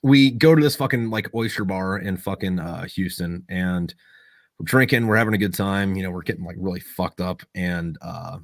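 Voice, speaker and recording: A man's voice: low-pitched, moderate pace, vocal fry, no room sound. A man who served as a Marine, telling a long story in a casual, profane way, rambling and full of fillers. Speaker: Marine veteran.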